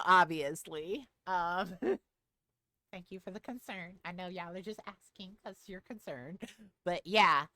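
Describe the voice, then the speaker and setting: A woman streamer telling a story to her live chat in a casual, animated way, laughing often. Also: fairly low pitch, no echo.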